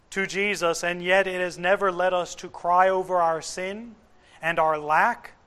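A man preaching a sermon in an earnest, emphatic way, with dramatic pauses. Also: high-pitched, a bit bright.

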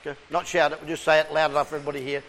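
A man's voice: on the high side, little pitch movement, racing, fairly bright tone, in a large hall. A man preaching an interactive sermon, coaxing the congregation with questions and call-and-response.

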